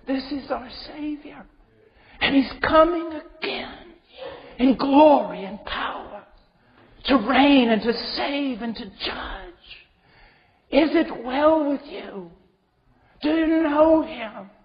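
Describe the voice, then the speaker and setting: A man preaching a sermon with passion, swinging from hushed tones to shouting. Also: extremely high pitch, takes it slowly. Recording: dull recording with long hall reverb.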